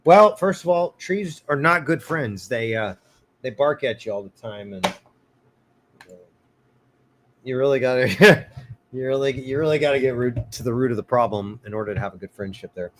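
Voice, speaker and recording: A man's voice: medium pitch, fairly quick, a little hiss or hum. A man hosting a casual live arborist Q&A, cracking puns and laughing often as he answers viewers. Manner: joking, punny, laughs often. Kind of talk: casual livestream Q&A.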